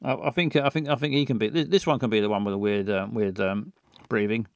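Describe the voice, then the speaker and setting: A man's voice: on the low side, steady tone, fast, no echo, clean studio sound. A man hosting a comedy podcast, improvising characters in crude, rambling talk full of stammered restarts.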